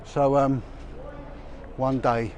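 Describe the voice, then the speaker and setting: A middle-aged vlogger with a mid-range, level, darkish voice draws out his words as he walks busy city streets on a livestream. His rambling, chatty commentary has many restarts and fillers, set against passers-by and street noise.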